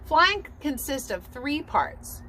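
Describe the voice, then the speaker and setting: Woman doing a stately, long-winded father swan, solemn, lecturing, lively swings in pitch. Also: takes it slowly, a little hiss or hum, heavily acted, low-quality recording.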